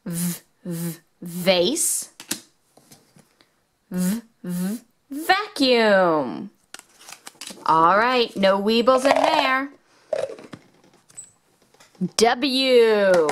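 Female host for a kids' phonics toy video: very slow, lively, bouncy delivery with excited squeals. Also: medium pitch, background noise. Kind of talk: children's educational toy demo.

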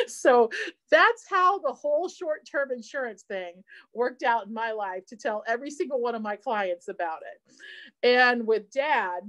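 A woman's voice: fairly high pitch, unhurried. A middle-aged woman, an insurance advisor giving a seminar talk and telling a family story in a chatty way. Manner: chatty storyteller, quotes family in lively voices.

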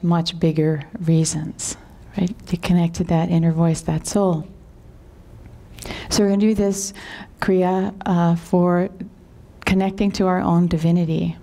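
Unhurried and calm, a woman who teaches yoga relates a parable, sometimes slipping into a whisper and frequently checking in with "right?" Her pitch is fairly low.

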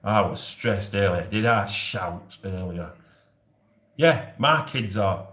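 A man's voice: lowish voice, lively intonation, takes it slowly, a bit bright. A man in his forties with a Yorkshire accent, hosting a casual live stream and rambling jokily to his viewers with frequent laughs. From Yorkshire, England. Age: 40s. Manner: jokey and rambling, often laughing. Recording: roomy echo.

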